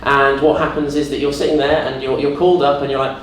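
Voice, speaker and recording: A young man doing an awkward, deadpan in-character stand-up set, with faltering delivery and sudden squeaky put-on voices. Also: fast talker. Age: young adult. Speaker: student stand-up comedian. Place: student comedy club stage with audience. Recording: very echoey room, distant mic, noisy. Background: audience laughter and room ambience.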